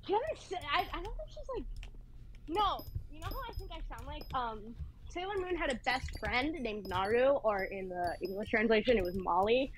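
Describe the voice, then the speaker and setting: A young woman streaming a game and chatting casually, with a vocal fry and a rambling valley-girl lilt full of "like"s. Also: fairly high pitch, lively intonation, moderate pace, slight background noise. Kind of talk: casual chat while gaming.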